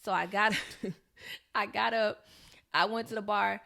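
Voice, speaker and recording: Animated young woman telling a story, gravelly. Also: medium pitch, slow pace. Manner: animated storyteller, acts out quoted voices. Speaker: podcast co-host. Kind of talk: casual storytelling chat.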